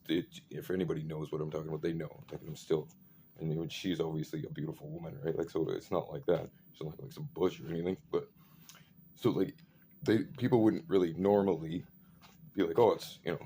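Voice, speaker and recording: Man, lowish voice, profane rambling rant, faint background hiss. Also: warm tone. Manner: profane, rambling, full of fillers.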